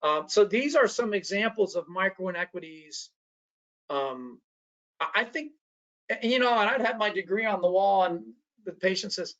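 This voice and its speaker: A man's voice: high voice, normal speed, a bit bright, muffled recording. A man presenting an online training workshop, talking conversationally and often checking in with his listeners.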